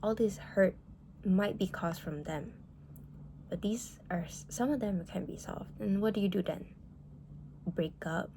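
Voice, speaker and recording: A woman's voice: mid-range voice, a little slow, creaky, long pauses, mellow, a little hiss or hum. A woman venting about relationships in a casual monologue, blunt and heated, swearing often and filling her talk with "like".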